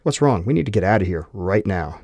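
Blunt, exasperated pilot, fairly deep voice, read by a male narrator. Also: animated, fairly quick, vocal fry, mellow, breathy edge, no echo, studio quality, heavily acted. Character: tense wary man, a pilot and father.

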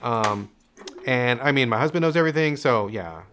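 A young man telling a candid personal story in an interview, animated, acting out his parents' voices and laughing often. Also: medium pitch, normal speed, slight background noise. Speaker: interview guest.

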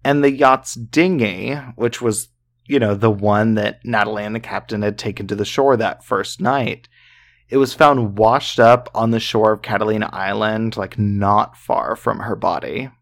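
A man's voice: fairly low pitch, unhurried. A man co-hosting a podcast, telling a true-crime story in a loose, chatty way full of fillers and swearing. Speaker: podcast co-host.

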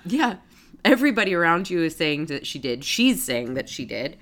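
Low-voiced chatty female podcast co-host. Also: very animated, normal speed, a bit bright. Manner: chatty, lots of filler words and agreement. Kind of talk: casual chat recapping a TV episode.

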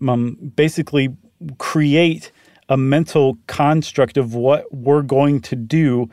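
A man's voice: mid-range voice, steady tone, slow pace, darkish tone, no room sound, studio quality. A man co-hosting a podcast, explaining ideas thoughtfully in casual chat. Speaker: podcast co-host.

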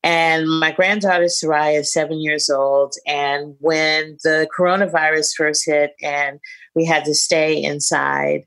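Low-voiced middle-aged woman podcast host. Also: level tone, unhurried, a bit bright. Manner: effusive and reflective. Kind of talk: casual podcast chat.

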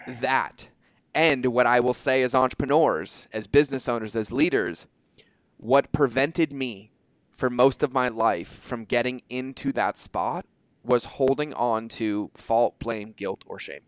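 A man hosting a podcast in casual conversation, energetic and animated, swearing freely and acting out quoted exchanges. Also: mid-range voice, unhurried, smooth, no echo. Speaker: podcast host.

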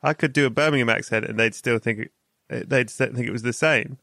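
An English man hosts a relaxed chat, his tone bright and forward as he teases and laughs along with his guest. The recording is close and dry, with no room around the voice. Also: medium pitch, fairly quick, creaky, no echo. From England. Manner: chatty, laughs easily, playful asides. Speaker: podcast host. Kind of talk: casual interview chat.

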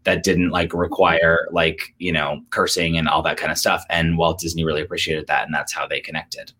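Man, very deep voice, co-host, casual trivia chat, rambling, lots of fillers. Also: moderate pace. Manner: rambling storyteller with many fillers, animated. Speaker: podcast co-host.

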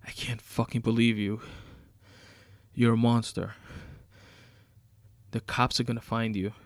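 A panicked captive man, as voiced by a story narrator yells and curses in fear and rage. His voice carries a gravelly rasp, and the recording is dry and close. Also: medium pitch, level tone, unhurried, no room sound, natural voice. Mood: furious. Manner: yelling, panicked. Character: terrified, furious bound man, shouting.

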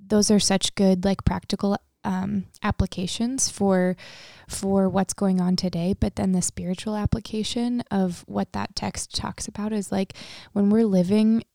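Earnest woman with a gravelly low-key voice. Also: flat delivery, unhurried, dark tone, dry recording, studio quality. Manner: earnest, many fillers like "um" and "like". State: tearful, emotional. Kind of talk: casual faith conversation.

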